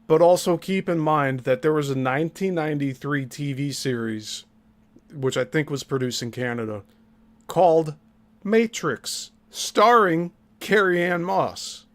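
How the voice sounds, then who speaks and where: A man's voice: on the high side, a little slow. Pointed critical male podcast host. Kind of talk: commentary podcast.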